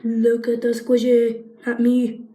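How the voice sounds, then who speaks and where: A woman's voice: fairly high pitch, completely flat delivery, takes it slowly, warm tone. Sick, coughing teen girl vlogging. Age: teens. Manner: chatty, rambling, with frequent coughs and likes. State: sick with a cough and sinus infection. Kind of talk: casual show-and-tell vlog. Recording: echoey room.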